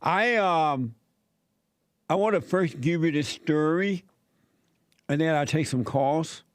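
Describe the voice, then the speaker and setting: Filling in as host of a call-in talk show, a man with a fairly high voice for a man speaks slowly, bluntly and with strong opinions. His grammar is plain and casual, and the recording is dry, close and studio-clean with no echo.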